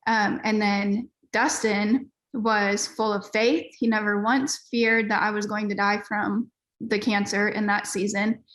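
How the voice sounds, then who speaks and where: Brief: woman pastor guest, candid and earnest, chatty with fillers, mid-pitched voice. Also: level tone, measured pace, fairly bright tone. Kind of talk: casual conversational storytelling.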